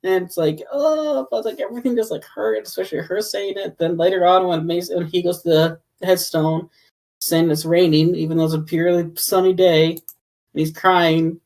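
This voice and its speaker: Heartfelt woman guest, lowish voice. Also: steady tone, moderate pace, darkish tone. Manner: heartfelt, emotional retelling. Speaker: podcast guest. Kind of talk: casual chat.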